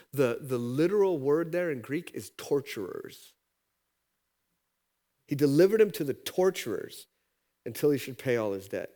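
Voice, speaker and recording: Animated preaching man with a high voice. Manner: animated, acts out parable characters with pitch jumps. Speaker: pastor. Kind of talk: sermon.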